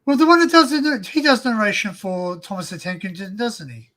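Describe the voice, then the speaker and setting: An Australian man with a high voice hosting a casual live stream chat, rambling and restarting his sentences often. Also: sing-song, brisk, bright, forceful tone, poor audio. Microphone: desktop USB mic.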